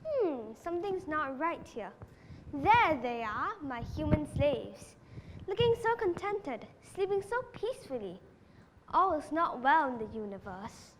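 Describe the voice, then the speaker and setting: A student actress performing a scheming house cat plotting to take over the world, in a dramatic stage monologue. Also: female voice, sits high, big pitch swings, measured pace. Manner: dramatic, mock-villainous. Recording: reverberant hall with faint noise.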